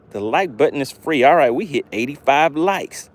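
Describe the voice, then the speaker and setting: A man hosting a live fishing stream, talking excitedly to his chat viewers. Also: a little high, normal speed, hardly any pauses. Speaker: fishing livestream host.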